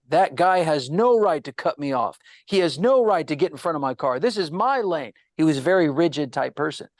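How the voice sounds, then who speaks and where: A middle-aged man, a guest psychologist, telling animated stories in an interview and acting out the voices he quotes. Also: a little high, gravelly, no room sound, studio quality. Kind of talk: storytelling interview answers.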